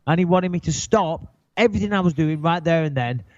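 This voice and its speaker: A man's voice: fairly high pitch, brisk, darkish tone, no room sound, dull audio. A middle-aged man and podcast co-host telling stories in a rambling, profane, self-deprecating way. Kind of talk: casual storytelling chat.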